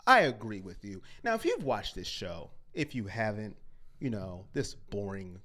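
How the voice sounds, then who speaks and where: A man co-hosting a casual fan chat show, animated and mocking, at times rising to near shouts. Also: on the low side, measured pace. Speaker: co-host.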